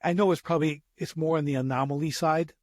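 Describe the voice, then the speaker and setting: A man's voice: on the high side, fairly even intonation, quick pace, no room sound, studio quality. A man in his sixties hosting a podcast interview, telling rambling anecdotes in casual chat. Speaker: podcast host.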